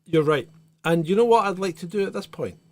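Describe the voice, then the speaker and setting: A man's voice: sits high, brisk, no echo. A man co-hosting a live show, chatting casually and setting up a funny clip. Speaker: livestream co-host.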